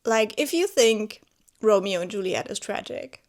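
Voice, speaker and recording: A woman's voice: medium pitch, a little slow. A woman who speaks English as a second language, chatting casually and with feeling about a book she read, full of fillers and restarts. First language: not English. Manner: chatty, heavy use of "like" and restarts; emotionally animated, exclaiming. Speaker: book vlogger. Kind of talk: casual spoken book review. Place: at home with her cat.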